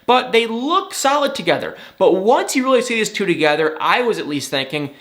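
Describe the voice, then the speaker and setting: A man's voice: sits high, very animated, brisk, fairly bright tone. A young man recapping reality TV in an exasperated, sarcastic rant, acting out what people said in mock voices. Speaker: celebrity gossip vlogger.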